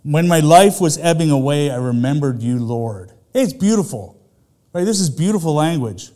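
Animated man preaching a sermon. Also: on the high side, normal speed. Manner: conversational preaching with rhetorical questions. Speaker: pastor.

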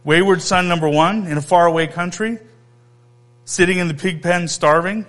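A man delivering a sermon in an easy, conversational way, leaning on emphasis and pauses. He often turns to his listeners with questions. His voice sits a little higher than most men's. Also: fairly bright tone. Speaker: pastor.

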